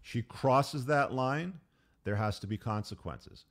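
A man's voice: medium pitch, takes it slowly. A man hosting a podcast, giving blunt, emphatic advice and telling stories. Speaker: podcast host. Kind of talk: advice monologue with anecdotes.

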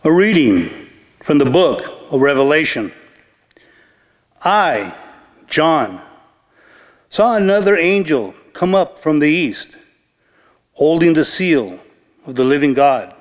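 A man with a fairly high voice reads scripture at Mass in a slow, measured, solemn way. His words ring out in a large church with a long, lingering reverb. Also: very animated. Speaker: lector. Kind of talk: liturgical scripture reading.

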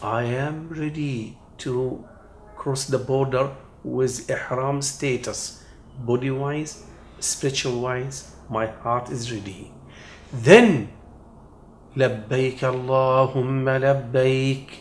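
A man preaching a teaching sermon, emphatic, and he moves between loud declarations and hushed, intense passages while answering his own rhetorical questions. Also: medium pitch, steady tone, slow pace, slight background noise. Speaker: Islamic preacher. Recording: echoey room.

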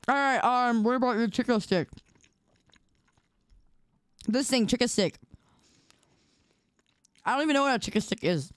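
A woman's voice: a little high, animated, moderate pace, pauses often, clear, resonant tone, no echo. A young woman streaming live, chatting playfully and teasing her viewers while she eats. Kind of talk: casual live-stream chat.

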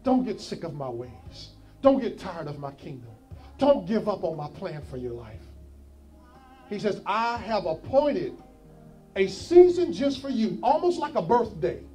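A high-pitched male preacher delivers an altar call from the pulpit, repeating his pleas again and again and building to shouts. Soft music plays beneath his voice. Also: sing-song, unhurried. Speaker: pastor.

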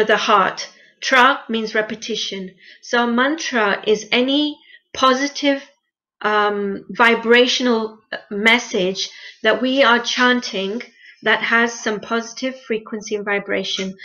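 A woman guest in an interview, explaining spiritual practice in an earnest, gently instructive way and repeating phrases for emphasis. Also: fairly high pitch, takes it slowly. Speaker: interview guest, meditation teacher. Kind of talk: conversational interview. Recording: lo-fi muffled sound.

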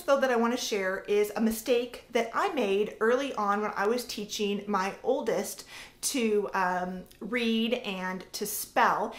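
Speaking casually to camera, this thirtysomething homeschool mother and educator walks through how to teach reading, sounding out sample words. She has a fairly high, fairly bright voice in an echoey room.

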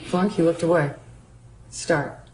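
Low, mellow-voiced woman explaining drills. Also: slow pace, a little hiss or hum, low-quality recording. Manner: calm, plain explanation with fillers. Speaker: student and narrator.

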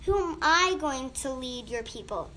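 Lady playing nervous questioning moses in a kids bible story, high and slow. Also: lively intonation, sharp tone, slight background noise. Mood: doubtful. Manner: timid, questioning. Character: fearful shepherd Moses, a man.

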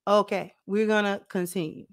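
A woman's voice: medium pitch, steady tone, normal speed, no room sound, clean studio sound. Blunt woman commentator. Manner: blunt, scolding. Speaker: host and commentator. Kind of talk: reaction commentary.

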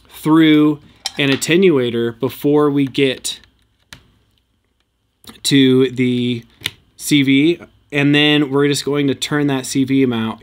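A man hosting a hands-on synth tutorial, explaining casually with plenty of fillers. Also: medium pitch. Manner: relaxed, filler-heavy explaining. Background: electronic music playing from his rack.

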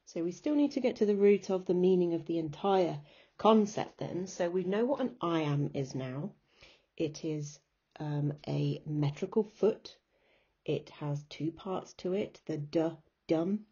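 A woman's voice: lowish voice, unhurried, mellow, breathy edge, muffled recording. A woman teacher giving a recorded remote lesson, patiently explaining step by step and chanting rhythms aloud. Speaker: English teacher.

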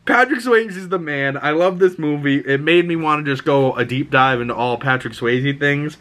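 A man talks straight to his viewers in a loose, unscripted movie review. His voice sits at an ordinary middle pitch. He rambles, swears freely, and leans on fillers as his excitement spills over. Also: moderate pace. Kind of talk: casual vlog film review.

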